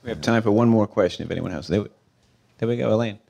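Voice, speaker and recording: Gravelly man moderating a panel. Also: fairly low pitch, mellow. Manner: halting, many fillers. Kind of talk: hosting a panel Q&A.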